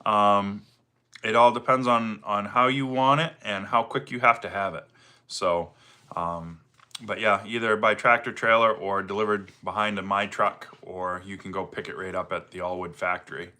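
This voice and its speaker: A middle-aged man with a Maine accent, hosting a relaxed livestream, greeting viewers by name and chatting with plenty of fillers. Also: fairly low pitch, moderate pace. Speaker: livestream host, firewood seller. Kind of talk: casual livestream chat reading viewer comments.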